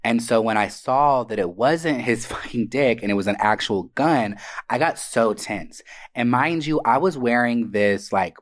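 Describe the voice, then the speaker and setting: Animated, profane young man telling stories. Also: medium pitch, a little slow. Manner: animated, profane, dramatic quoted voices. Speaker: podcast guest telling stories. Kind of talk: casual storytelling. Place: Atlanta area.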